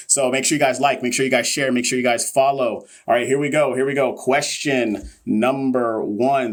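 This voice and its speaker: A man hosting a live nursing exam review, joking with viewers and reading questions casually. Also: mid-range voice. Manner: playful, joking, talks straight to viewers. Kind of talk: casual livestream teaching.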